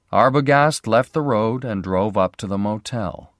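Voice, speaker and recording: A man narrating a graded reader story in a clear, measured way. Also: on the low side, no echo, clean studio sound. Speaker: audiobook narrator.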